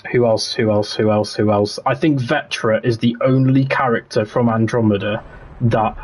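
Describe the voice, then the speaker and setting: Husky man chatting on a stream. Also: medium pitch, steady tone, normal speed, a little mellow. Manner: chatty, rambling, with frequent restarts and laughs. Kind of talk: casual livestream chat while gaming.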